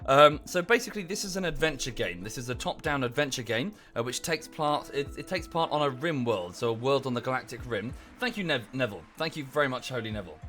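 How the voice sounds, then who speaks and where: A man's voice: medium pitch, expressive, fast, hardly any pauses, a bit bright, soft background music. A man streaming from home in a casual, rambling chat, a bit out of breath. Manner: chatty, rambling with many fillers. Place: home room.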